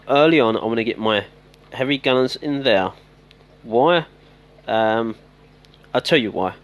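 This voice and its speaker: A man casually commentating his own game play, rambling and getting exasperated at his troops. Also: medium pitch. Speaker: gameplay commentator.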